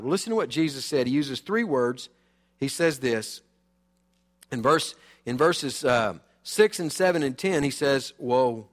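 A man pastor preaching a sermon, animated and emphatic, swinging between loud and quiet. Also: mid-range voice, in a large hall.

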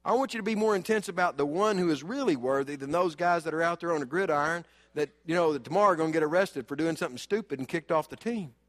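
Pastor, high tenor, preaching with big swings from loud urging to quiet asides; long hall reverb. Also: male voice, fast talker, hardly any pauses. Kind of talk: sermon.

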